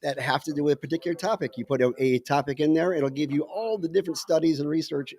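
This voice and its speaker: Wry male scientist co-host, fairly high voice. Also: a little mellow, husky. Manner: wry, explanatory, halting fillers. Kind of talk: casual chat.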